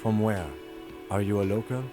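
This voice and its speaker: A man voicing a calm, formal male police lieutenant in a video game, speaking in a measured, polite way. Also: fairly low pitch, music in the background, voice pushed up, natural voice.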